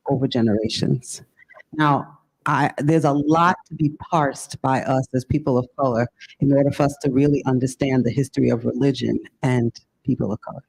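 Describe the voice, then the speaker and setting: A man speaking as a panelist, answering in an earnest, lecturing, deliberate way. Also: medium pitch, gravelly, a little mellow, low-quality recording.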